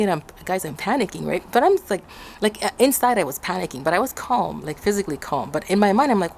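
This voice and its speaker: Lively woman telling a story. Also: brisk. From Ecuador. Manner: animated, acts out quotes in high shouts, laughs often. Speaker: vlogger. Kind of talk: casual storytelling to viewers.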